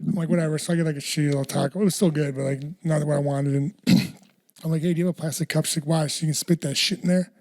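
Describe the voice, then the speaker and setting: A man co-hosting a podcast who tells animated anecdotes, acts out the lines of the people in them and swears freely. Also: a little high, fast. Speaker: podcast co-host. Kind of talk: casual chat, storytelling.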